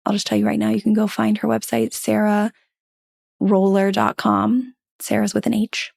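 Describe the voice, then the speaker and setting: A woman's voice: fairly high pitch, vocal fry, darkish tone, no echo, studio quality. A woman hosting a podcast, talking in an earnest, reflective and upbeat way. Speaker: podcast host. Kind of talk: casual podcast chat and outro.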